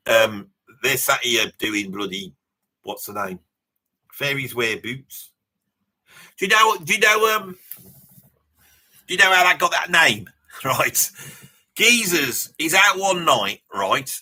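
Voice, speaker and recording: A man's voice: medium pitch, sharp tone, breathy edge, heavily acted. A man with a Birmingham accent voicing a boastful older rocker who rambles through tall tales in a comic live reaction, full of asides and mock indignation. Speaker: live reaction streamer in character.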